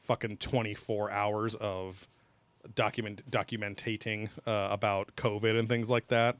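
A man's voice: on the low side, flat delivery, a little slow. A man co-hosting a podcast in casual chat, rambling with lots of fillers and offhand swearing. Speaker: podcast co-host.

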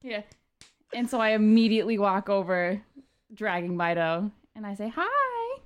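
A woman's voice: medium pitch, steady tone, normal speed, noisy background. A woman playing a tabletop game, describing her character's actions with bubbly enthusiasm. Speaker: player. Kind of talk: casual tabletop role-play.

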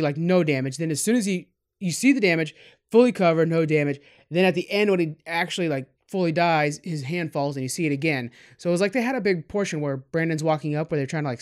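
A man giving a casual, candid film review, rambling with asides and self-corrections. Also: fairly high pitch. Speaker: movie reviewer.

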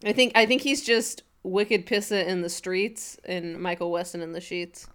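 A woman's voice: on the low side, steady tone, normal speed, fairly bright tone, clear, resonant tone. Woman co-host, casual and playful with dry sarcasm, laughs easily. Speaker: podcast co-host. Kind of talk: casual comedic podcast chat.

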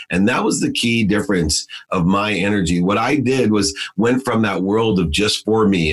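A man's voice: deep voice, breathy edge. A middle-aged man telling his life story in an emphatic, motivational way, in short punchy phrases. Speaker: guest.

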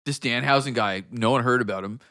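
A man's voice: mid-range voice, brisk. A man co-hosting a podcast, chatting casually with friends and mimicking the people in his stories. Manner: animated storyteller, mimics people he describes. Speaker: podcast co-host. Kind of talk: casual chat among friends.

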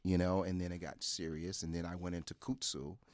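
Man, very deep voice, podcast guest, storytelling, animated quotes, dry close sound. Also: fairly quick, no echo. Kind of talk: casual storytelling.

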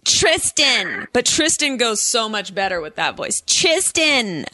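A woman's voice: medium pitch, sing-song, moderate pace, bright, forceful tone, no room sound. A woman from Oakland, California, hosting a podcast and joking her way through a casual phone chat. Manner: joking, playful, breaks into silly voices. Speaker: podcast host.

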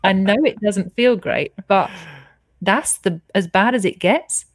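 A candid woman shares her story over a video call, earnest and unfiltered, with plenty of swearing. Her voice sits at an ordinary middle pitch. It sounds dry and close, with no room echo. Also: measured pace, faint music behind. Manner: frank, earnest, swears freely. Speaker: podcast guest.

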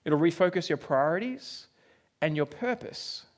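A man's voice: on the high side, lively intonation, unhurried. An Australian man in his forties preaching a sermon, telling a personal story and acting out his own reactions. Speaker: pastor.

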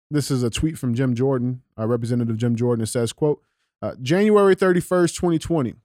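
A man's voice: medium pitch, no room sound, clean studio sound. A young man hosting a casual political podcast, reading out news and tweets with lots of fillers, restarts and swearing. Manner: animated, profane, many fillers and restarts. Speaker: podcast host.

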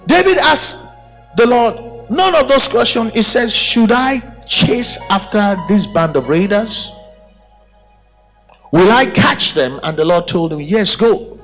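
Male pastor, emphatic sermon delivery, higher pitch, faint music under. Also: slow pace. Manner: animated, emphatic preaching with rhetorical questions. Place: church service.

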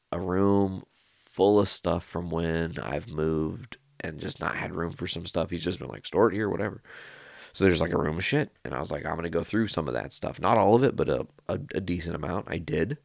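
A man hosting his podcast, telling a personal story in a casual, rambling, animated way and swearing freely. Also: low voice, vocal fry, dry recording, clean studio sound. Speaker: podcast host.

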